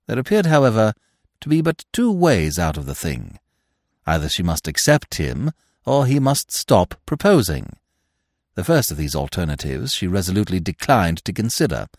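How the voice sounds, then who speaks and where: A man narrates classic fiction in a lowish voice. His delivery is richly expressive and rises and falls all over. The recording sounds dry and close. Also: no echo. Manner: expressive, storytelling.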